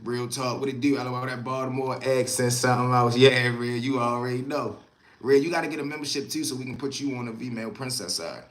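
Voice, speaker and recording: A man's voice: medium pitch, steady tone, a little fast, fairly bright tone, reverberant. A man hosting a casual livestream, talking street life in a streetwise storytelling way and greeting viewers by name. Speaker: livestream host.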